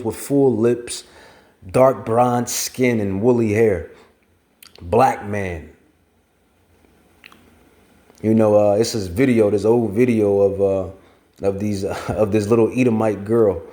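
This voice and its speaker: Male preacher, low mellow voice, emphatic, repeats himself while reading verses. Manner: rambling, emphatic, repeats phrases. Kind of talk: scripture teaching.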